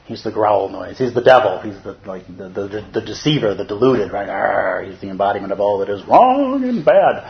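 A man's voice: on the low side, sing-song, moderate pace, creaky, hardly any pauses, muffled recording. A man teaching as a Zen teacher in a dharma talk, conversational and humorous, often checking in with listeners.

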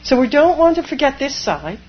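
A woman Zen priest giving a dharma talk, animated, laughing often and acting out inner voices. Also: sits high, brisk, dull audio.

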